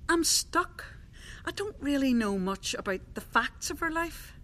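A woman narrating a scripted dramatic monologue in a confiding, lively storyteller manner. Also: high-pitched, unhurried.

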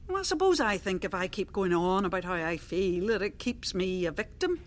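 A woman narrating a scripted dramatic monologue in a confiding, lively storyteller manner. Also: medium pitch, a little fast, few pauses.

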